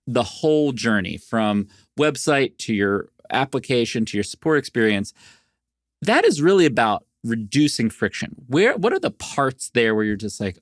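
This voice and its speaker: Podcast guy, normal pitch, dry close sound, teasing and emphatic. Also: big pitch swings, moderate pace, no room sound. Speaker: podcast co-host. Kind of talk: casual chat.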